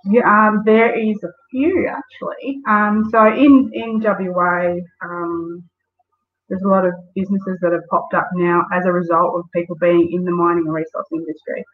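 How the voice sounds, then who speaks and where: A woman's voice: lowish voice, level tone, moderate pace. Woman guest, chatty storyteller, heard over a thin phone-like video call. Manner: storytelling, lots of fillers. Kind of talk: casual interview. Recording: tinny phone-like call audio.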